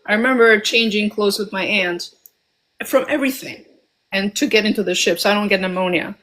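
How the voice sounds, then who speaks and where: A woman's voice: mid-range voice, a little fast, fairly bright tone, rough recording. Woman from Albania recounting her past. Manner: reflective, many ums and restarts. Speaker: guest. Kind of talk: personal storytelling.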